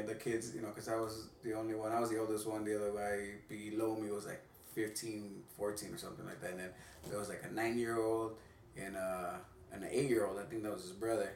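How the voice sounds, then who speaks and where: A man who is a boxer, chatting in a laid-back, profane, halting way as a guest. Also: on the low side, slight background noise. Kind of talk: casual chat. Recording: roomy, distant mic.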